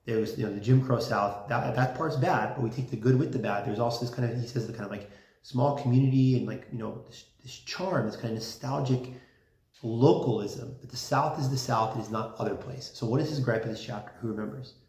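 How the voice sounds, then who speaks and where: A man's voice: mid-range voice, brisk, a little mellow. A man giving a casual classroom lecture, talking conversationally with many fillers and restarts. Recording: roomy classroom sound.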